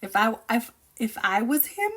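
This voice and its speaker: A woman chatting casually about a novel she is reading, excitable, opinionated and rambling as she reacts. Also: a little high, moderate pace, slightly rough. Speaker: book reviewer reacting while reading. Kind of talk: casual book reaction chat.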